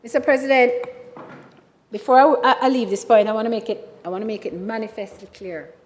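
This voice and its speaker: Woman, Jamaican accent, senator, formal parliamentary speech, measured, emphatic, slightly high voice, reverberant chamber. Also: steady tone. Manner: measured and emphatic, repeatedly addressing the chair.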